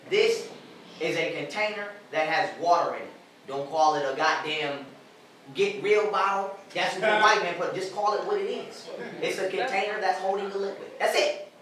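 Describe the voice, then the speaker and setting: A man lectures a handful of listeners on the street in a high, slightly bright voice, blunt and swearing freely. He's emphatic and keeps laughing at his own jokes. The recording is echoey and distant, with crowd noise.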